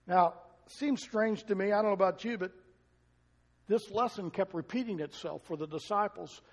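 A man's voice: high-pitched, normal speed, in a large hall. A male pastor preaching a sermon, talking to the congregation in a conversational way and asking it questions.

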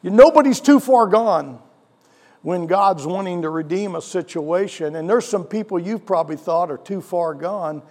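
A male pastor preaching a sermon, animated, with rhetorical questions and chuckles, in a church. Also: high-pitched, normal speed. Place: church sanctuary. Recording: long church hall reverb.

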